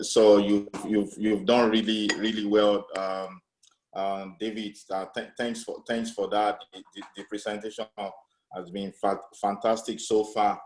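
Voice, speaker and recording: A man giving a goodwill message on a video call, hesitant and stammering with many restarts. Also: fairly low pitch. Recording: echoey room on a video call.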